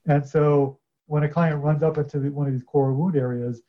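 A man, a coach guesting on a podcast, explaining his ideas in a measured way with some fillers. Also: on the high side, fairly even intonation, lo-fi sound. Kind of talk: casual podcast interview.

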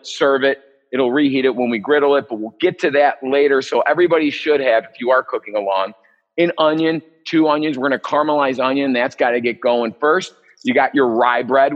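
A man's voice: medium pitch, muffled recording. A man leading a live cooking demo as the chef, chatty and joking, with rambling asides.

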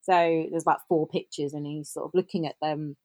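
Woman, forties, animated storyteller, lower pitch, dry sound. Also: brisk, no room sound. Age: 40s. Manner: animated, laughs often, reenacts dialogue. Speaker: podcast guest. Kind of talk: casual storytelling.

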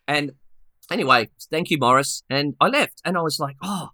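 A man co-hosting a podcast, telling a story in a lively, casual way with many restarts and acted-out quotes. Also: on the high side, moderate pace, no echo, clean studio sound. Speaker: podcast co-host.

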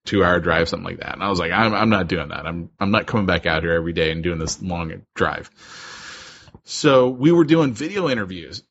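A man's voice: low voice, a bit bright. A man co-hosting a podcast, telling funny stories in casual chat and laughing through them. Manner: laughing storyteller, quick asides. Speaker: podcast co-host. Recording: dull lo-fi podcast audio.

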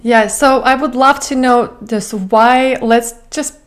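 A woman's voice: on the high side, slow pace. A woman podcast host with a Russian accent, a non-native English speaker asking earnest questions and searching for words. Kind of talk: interview questions.

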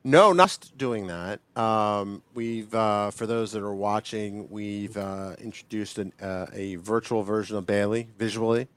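A man co-hosting a podcast in casual chat, talking in halting bursts with lots of fillers and restarts. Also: on the low side, clear, resonant tone, dry recording. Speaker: podcast co-host.

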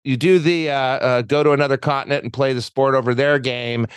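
A man's voice: medium pitch, steady tone, brisk, clear, resonant tone, no echo, clean studio sound. A middle-aged man hosting a podcast, talking in a playful, teasing, rambling way. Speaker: podcast host. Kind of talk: casual interview chat.

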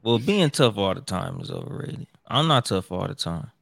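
A man's voice: fairly low pitch, wildly swooping pitch, normal speed, gravelly, a bit bright, dry recording, clean studio sound. A man who hosts his own show, chatting casually in a profane, rambling way with many restarts. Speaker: podcast host. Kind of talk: casual chat.

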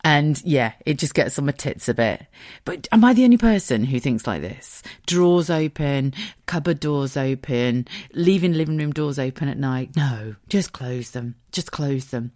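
A woman with a notably low, deep-set voice chats on her own podcast. She is candid and sweary, and pokes fun at her own quirks as she talks. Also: lively intonation, normal speed, darkish tone. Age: adult. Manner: candid, self-mocking, sweary. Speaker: podcast host. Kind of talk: casual solo podcast chat.

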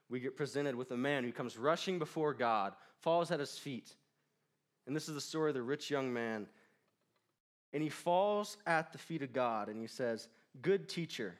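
Animated young man preaching casually. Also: mid-range voice. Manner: animated, joking, laughing often. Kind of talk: casual sermon. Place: church in front of a crowd.

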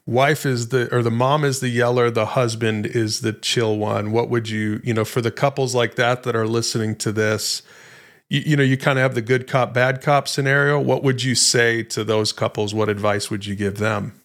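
A man's voice: medium pitch, steady tone, normal speed, fairly bright tone. A middle-aged man speaks conversationally on a podcast. His mid-range voice restarts often as he works through a thought. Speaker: podcast co-host, interviewer. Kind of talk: casual podcast talk.

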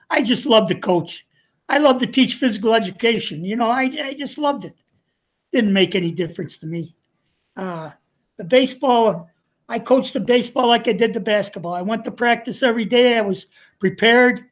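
A man's voice: very high-pitched, normal speed. An older man spins folksy stories from his coaching days, chuckling as he goes. He slips into quoted back-and-forth dialogue and keeps the tone easygoing and conversational. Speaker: retired coach, interview guest. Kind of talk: casual storytelling.

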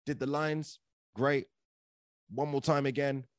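A podcast guest from London, England, an actor and comedian, takes his time in a medium-pitched voice without any room sound. He's animated and chatty while storytelling, constantly dropping in "like" and "right?".

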